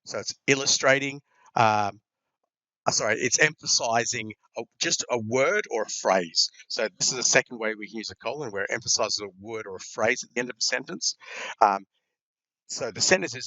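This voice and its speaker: A man's voice: medium pitch, brisk, bright, forceful tone, no echo, muffled recording. A man teaching a grammar lesson, explaining punctuation with many ums and repeated words.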